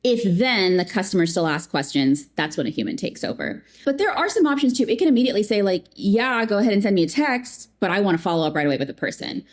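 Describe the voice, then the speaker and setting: A woman in a customer experience role, chatting casually as an interview guest, animated and acting out little quotes. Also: mid-range voice, quick pace, hardly any pauses.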